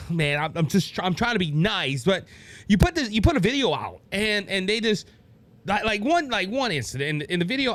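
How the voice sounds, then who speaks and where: A man with a Cajun accent hosting his own political podcast, talking in a rambling, animated way with many restarts and asides to "ladies and gentlemen.". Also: high-pitched. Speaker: podcast host. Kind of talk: solo political commentary.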